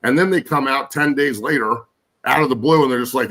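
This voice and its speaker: Gravelly, cursing man in his forties. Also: mid-range voice, a little fast, fairly bright tone, low-quality recording. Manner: angry, profane ranting. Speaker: guest, former pro football player. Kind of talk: casual chat on a podcast.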